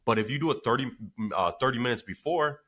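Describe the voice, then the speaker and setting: A man who runs a business telling a story in a casual vlog, animated and swearing freely with lots of filler. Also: mid-range voice, fast.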